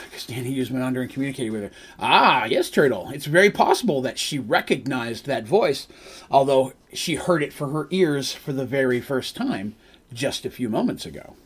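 A man's voice: mid-range voice, animated, moderate pace, husky. A man narrating a tabletop game as its game master on a live stream, rambling with casual asides and correcting himself as he goes.

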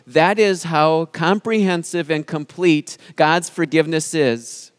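A pastor giving an earnest sermon, speaking with emphasis and dramatic pauses. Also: male voice, fairly high pitch, dry recording, clean studio sound.

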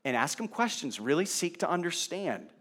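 A man's voice: fairly high pitch, sing-song, normal speed, a bit bright. A male pastor preaching a sermon in a conversational way, asking the congregation rhetorical questions.

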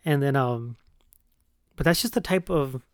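A man's voice: medium pitch, slow pace, no room sound, studio quality. A young man telling a long, profane, rambling story in casual podcast chat, full of "like" and "right?". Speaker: podcast host.

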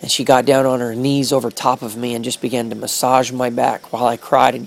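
A man recounts his faith testimony in an earnest, halting voice that sits in a middle pitch. He repeats himself and lets phrases stretch out slowly. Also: flat delivery, gravelly. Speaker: speaker sharing a personal faith testimony. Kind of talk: emotional personal testimony storytelling.

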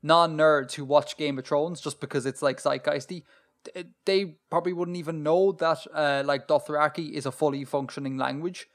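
Higher-voiced man chatting on a podcast. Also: fairly even intonation, moderate pace. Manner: chatty, asks follow-up questions. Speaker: podcast co-host. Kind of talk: casual chat.

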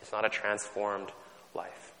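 A man's voice: on the low side, flat delivery, a little slow, pushed and bright. A man from Canada preaching a sermon in a conversational, self-deprecating way, often restarting his sentences. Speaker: pastor. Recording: long hall reverb.

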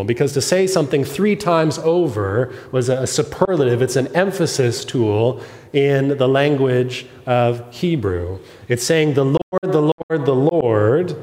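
A man delivering a sermon in a church, his mid-range voice earnest and emphatic at times, then hushed and intimate. The sound carries a long reverb from the large hall. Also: medium pitch. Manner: earnest, rising to emphatic peaks then dropping soft. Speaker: pastor.

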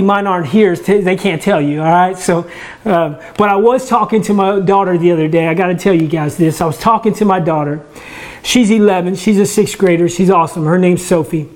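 A man's voice: high-pitched, normal speed, a little mellow. A man who leads a church ministry, giving a casual sermon from his own home. He talks in a conversational way, often restarts words and jokes about himself. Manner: conversational, restarts words, self-deprecating humor.

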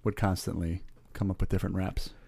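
A man co-hosting a casual role-playing podcast, teasing his co-host with quick wit. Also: low voice, level tone, vocal fry, mellow, husky, no echo.

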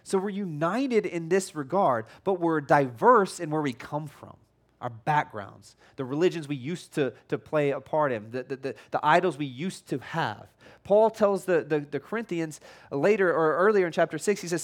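A man preaching a sermon as pastor, in a conversational, animated way, acting out quoted voices. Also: on the high side, normal speed.

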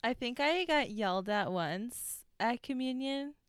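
Young woman podcaster, blunt, swears, super clear voice, dry close sound. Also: on the high side, lively intonation, measured pace, dry recording. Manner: frank and outspoken, swears, blunt opinions. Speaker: podcast co-host. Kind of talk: casual chat.

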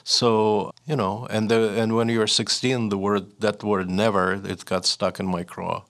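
An older man with a Russian accent recounts his past as an interview guest. His voice is low and gravelly, and he talks hesitantly, full of fillers and restarts. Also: little pitch movement, measured pace, fairly bright tone. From Leningrad, Soviet Union. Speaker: guest, writer. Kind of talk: reflective storytelling interview.

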